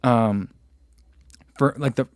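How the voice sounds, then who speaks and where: A man from New Jersey hosts a casual running livestream, reading viewer comments aloud and rambling through his answers with plenty of fillers and restarts. His voice sits at an ordinary pitch. It is recorded close and dry. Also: slow pace, darkish tone, no echo. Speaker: running channel host.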